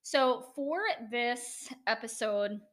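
A woman's voice: a little high, slow pace. An American woman hosting a solo educational podcast, chatty and enthusiastic, with self-deprecating asides. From United States. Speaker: podcast host.

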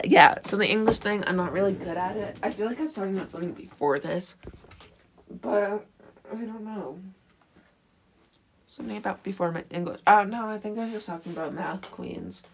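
A woman's voice: mid-range voice, a bit bright, a little hiss or hum. A woman hosting a casual solo podcast, rambling, sarcastic and correcting herself, recorded on a phone. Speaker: podcast host.

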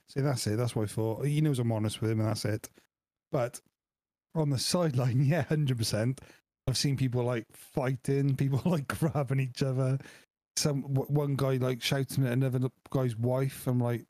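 A man's voice: medium pitch, steady tone, moderate pace, dark tone, no echo. A man, co-hosting a podcast and telling stories with a laugh. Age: 40s. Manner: laughing, storytelling. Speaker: podcast co-host. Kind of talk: casual chat.

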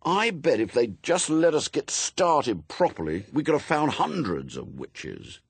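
A man's voice: medium pitch, big pitch swings, measured pace, gravelly, slightly rough, dry recording, voice pushed up, full character voice. A man reading aloud, voicing a sulky young boy who grumbles and mutters. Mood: grumbling.

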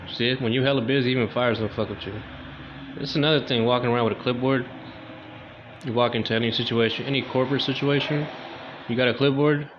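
A man's voice: medium pitch, steady tone, fast, slight background noise. A young man doing a loose, crude, slangy stand-up comedy monologue, in a dull lo-fi recording.

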